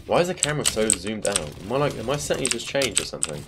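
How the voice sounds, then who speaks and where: A man's voice: lowish voice, sing-song, fast talker, heavy background noise. A man streaming a video game, chatting casually with swearing and teasing banter. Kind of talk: casual gaming stream chat. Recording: loud keyboard clicking behind.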